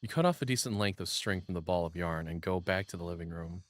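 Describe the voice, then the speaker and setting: A man's voice: low voice, quick pace, soft background music. A man playing a text game, reading its narration aloud and breaking off into giggly, self-deprecating asides. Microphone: studio shotgun mic on a boom arm.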